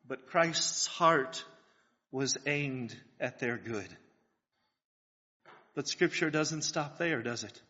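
Guy preaching a sermon, high bright voice, slow and earnest, big echoey hall, kinda muffled. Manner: earnest, rising to fervent pleas, with rhetorical questions. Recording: dull lo-fi sound with long hall reverb.

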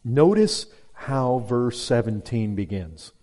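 A man preaching an expository sermon to a congregation, emphatic and direct, repeating key words and dropping low and slow for stress. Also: lively intonation. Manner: emphatic, swings between loud stress and low slow drops. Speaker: pastor.

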